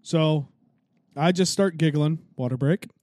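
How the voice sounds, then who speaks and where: A man's voice: a little high, measured pace, a little mellow. A young man hosting a casual solo podcast, telling stories in a joking, profane, self-mocking way. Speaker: podcast host.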